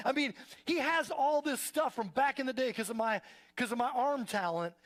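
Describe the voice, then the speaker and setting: A man preaching a sermon to a live congregation, talking in a conversational, energetic storytelling way with frequent restarts. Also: very high voice, moderate pace. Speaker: pastor. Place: church service before a live congregation.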